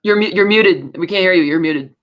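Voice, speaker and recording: A woman's voice: fairly low pitch, a little fast. A woman co-hosting a podcast, recapping a story in casual chat and acting out the characters' lines with laughs. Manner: animated retelling that acts out quoted lines, with laughs. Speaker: podcast co-host. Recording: dull lo-fi sound.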